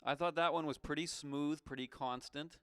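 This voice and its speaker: A man's voice: on the high side, fairly even intonation, moderate pace, a bit bright, clean tone. A young man hosting a call-in show, teasing a caller in a casual, mock-suspicious way.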